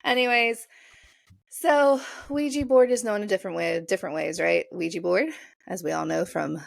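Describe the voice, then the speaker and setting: Giggly woman podcast co-host, gravelly edge. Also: mid-range voice, normal speed, no echo, clean studio sound. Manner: giggly, rambling, tongue-tripping. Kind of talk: casual chat.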